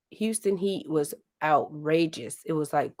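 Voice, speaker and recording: Her voice sits low with a darkish tone as she hosts a casual live chat. She's in her late thirties, hails from St. Louis, Missouri, and laughs frequently while rambling on.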